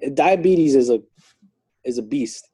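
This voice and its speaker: A man's voice: medium pitch, unhurried, husky, dry recording. A man who works as a corrections officer, chatting casually and telling stories about his job. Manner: relaxed, chatty, talks through work stories. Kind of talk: casual interview storytelling.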